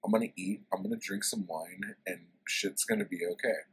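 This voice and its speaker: A man's voice: lowish voice, very animated, moderate pace, gravelly, slightly rough, full character voice. A man voicing a blunt, unbothered barbarian warrior who swears offhandedly while retelling a story. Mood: blasé.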